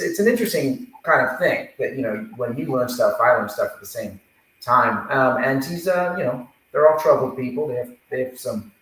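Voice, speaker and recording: A man's voice: mid-range voice, fairly bright tone, slight background noise. A male actor talking casually about his role, rambling and full of "you know". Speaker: actor in the play. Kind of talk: cast interview answer. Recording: very echoey room.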